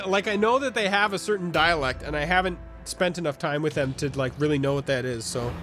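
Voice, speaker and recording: A man's voice: on the high side, a bit bright. A man streaming a game live, chatting in a rambling way and reading viewer comments aloud.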